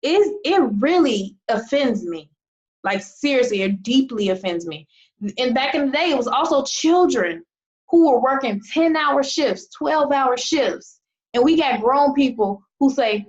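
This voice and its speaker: An American team leader and business coach gives an online group a fired-up motivational talk, emphatic and full of rhetorical questions. Her voice sits high with lively intonation and an unhurried pace, though the highs are cut off.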